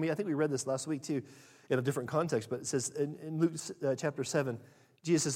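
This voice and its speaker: A pastor preaching a conversational, animated sermon that swings between loud emphasis and soft asides. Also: male voice, a little high, quick pace.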